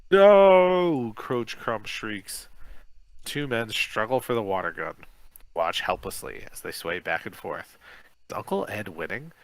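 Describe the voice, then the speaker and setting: A man's voice: low-pitched, lively intonation, normal speed, fairly bright tone, dry recording, low-quality recording. A male podcast co-host reading a children's gamebook aloud in a casual way, sometimes stumbling over words.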